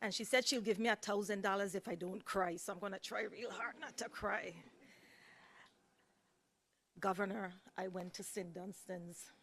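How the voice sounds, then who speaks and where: A woman's voice: mid-range voice, steady tone, normal speed, a bit bright, a little hiss or hum. A woman, giving an earnest, lightly humorous introduction speech at a courtroom podium. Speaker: speaker introducing a judge. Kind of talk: ceremonial speech. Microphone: podium microphone.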